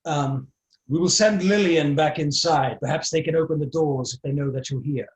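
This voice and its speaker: Blustering fur-coated townsman as a man does the voice, loud, indignant, higher pitch. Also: moderate pace, roomy sound, natural voice. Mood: brisk. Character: pompous man in fur coat, coughing, lumbering.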